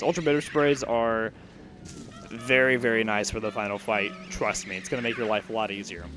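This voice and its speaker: Animated young gamer guy, eighteen. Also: on the high side. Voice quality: lively, rambling, many fillers and restarts. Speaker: gaming channel host. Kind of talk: casual let's-play commentary.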